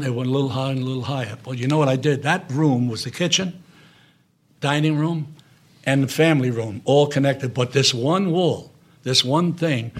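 An older man with a New York accent, telling stories in an interview, animated and swearing freely. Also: mid-range voice. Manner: animated storyteller, swears freely, acts out quotes. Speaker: guest, actor. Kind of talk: casual storytelling interview. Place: club room.

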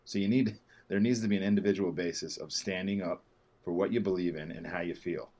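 Animated low-voiced man venting. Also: fairly quick. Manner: animated, profane, swings up loud when venting. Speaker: podcast co-host. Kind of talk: casual chat.

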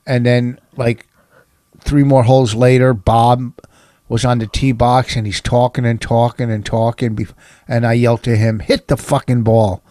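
A man's voice: mid-range voice, level tone, moderate pace, mellow, no room sound. A middle-aged man chatting casually as a podcast co-host, rambling through a story with many restarts and fillers. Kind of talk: casual chat.

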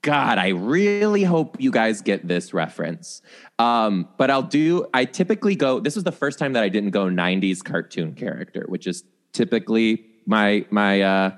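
An American man, a guest comedian, telling stories in a quick, animated, playful way on a casual podcast. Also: lowish voice.

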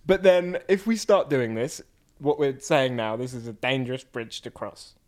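A man co-hosting a casual sports podcast, chatty and quick to laugh, with a slight lisp. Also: mid-range voice. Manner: chatty, laughs often, repeats words. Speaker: podcast co-host. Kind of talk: casual chat.

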